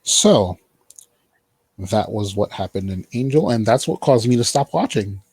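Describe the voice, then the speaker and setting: Podcast host, male, low husky voice, rambling and filler-heavy, dry close mic. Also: expressive, unhurried, darkish tone, dry recording. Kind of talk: casual chat recapping a TV show.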